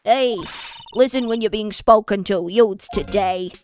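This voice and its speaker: A woman voicing a nosy, bossy elderly female security guard with a New York accent, scolding and rambling loudly over game music. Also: medium pitch, unhurried, lightly acted. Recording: loud game music behind.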